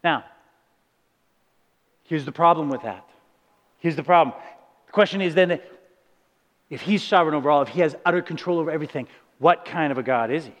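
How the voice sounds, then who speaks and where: Male pastor, high voice, emphatic sermon with rhetorical questions, long hall reverb. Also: fairly quick, pauses often.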